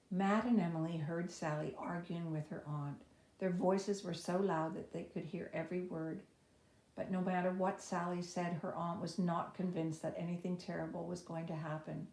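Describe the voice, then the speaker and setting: A woman's voice: fairly even intonation, normal speed, darkish tone. A woman reading a children's chapter book aloud, lifting her voice for the characters' lines. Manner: voices each child's lines with raised pitch and energy. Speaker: storybook reader. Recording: echoey room.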